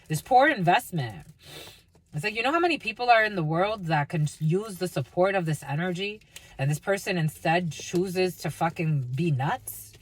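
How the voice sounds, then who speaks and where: A woman's voice: on the low side, animated, moderate pace, a bit bright, breathy edge. A woman giving a spiritual energy reading in a blunt, foul-mouthed way, laughing now and then. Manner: blunt, swears constantly, laughs at her own reading. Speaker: spiritual reader. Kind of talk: profane channeled energy reading.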